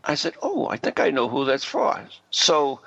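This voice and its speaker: A man's voice: medium pitch, wildly swooping pitch, moderate pace, fairly bright tone, highs cut off. A man hosting a podcast, chatting casually and rambling with asides. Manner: rambling, full of fillers and asides. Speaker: podcast host. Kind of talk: casual chat.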